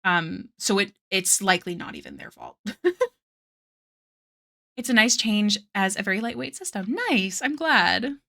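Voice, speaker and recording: A woman's voice: mid-range voice, very animated, measured pace, gravelly, bright, forceful tone. A woman art streamer chatting casually with her viewers, rambling with lots of fillers and little giggles. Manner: chats with live viewers between tangents. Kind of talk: casual chat while drawing.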